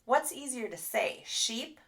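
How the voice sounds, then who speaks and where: Gravelly-voiced woman giving an animated lesson. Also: medium pitch, unhurried. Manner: animated, demonstrates sounds with expressive voice. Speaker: speech therapist. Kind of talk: live online training talk.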